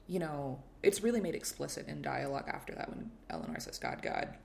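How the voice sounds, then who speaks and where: Enthusiastic podcaster with a gravelly edge. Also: mid-range voice, fast, slight background noise. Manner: enthusiastic, animated, reads passages aloud, often trails into soft murmured reading. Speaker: podcast co-host. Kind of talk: casual literary discussion with read-aloud passages.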